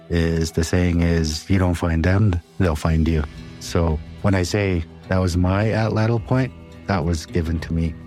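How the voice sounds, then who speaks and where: A reserved, calm man telling a personal story in an interview, with a few fillers. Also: low voice.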